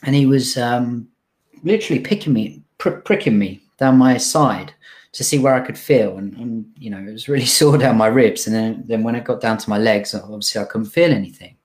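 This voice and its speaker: A young adult man telling an emotional personal story in an earnest, halting way, with many restarts and fillers. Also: mid-range voice. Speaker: speaker telling his recovery story.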